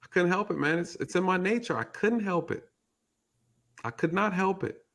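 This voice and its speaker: A man voicing a scheming male scorpion in a fable, talking in a smooth, persuasive way. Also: high-pitched, normal speed, a bit bright. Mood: matter-of-fact.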